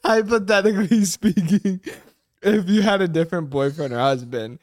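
A man's voice: sits high, moderate pace, no room sound, clean studio sound. A young man hosting a casual chat with his wife, rambling and laughing a lot. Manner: giggly, rambling, lots of "like". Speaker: podcast host.

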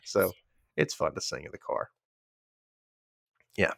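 A man's voice: slow pace, vocal fry, no room sound, studio quality. A man hosting a podcast, chatting casually through an episode recap and acting out characters' lines. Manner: animated, acts out characters' lines with big pitch jumps. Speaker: podcast host.

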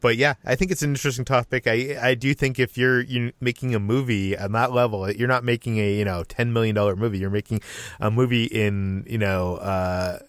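A man's voice: mid-range voice, fairly even intonation, fairly quick, clear, resonant tone, dry recording. An American man hosting a casual discussion podcast, talking hesitantly with many restarts and fillers. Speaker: podcast host.

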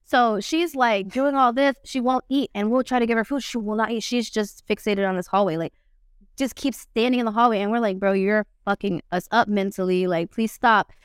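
Young woman, podcast guest, animated storytelling, slangy, dry close sound. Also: a little fast, clean tone, dry recording. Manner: animated, acts out quoted speech with big swings in pitch; blunt slangy talk with frequent swearing. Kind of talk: casual storytelling.

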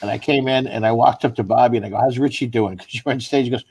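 A man, a stand-up comedian, telling profane, animated anecdotes in casual chat with fellow comics. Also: medium pitch, fast talker, creaky, breathy edge. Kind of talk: casual storytelling among comics.

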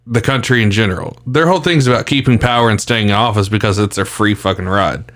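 A man co-hosting a podcast, chatting casually and profanely about politics. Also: on the low side. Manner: profane, animated, quick to laugh. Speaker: podcast co-host.

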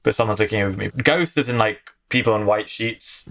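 A man's voice: fairly low pitch, fairly quick, creaky, a bit bright. A man with an English accent, a guest in a casual interview, who talks in a rambling way with many likes and restarts. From England.

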